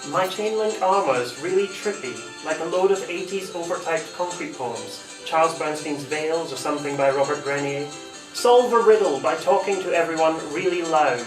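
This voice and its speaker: A man reading poems aloud at a live reading, with an animated, teasing delivery. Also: high voice. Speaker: performing poet. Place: library reading room. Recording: echoey room, voice from far off.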